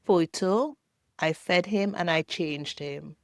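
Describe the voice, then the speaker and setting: Older woman from Jamaica, personal testimony, halting and emotional, very slow delivery, dry close sound. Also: on the low side, no echo. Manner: halting, emotional, pausing often. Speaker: survivor telling her life story.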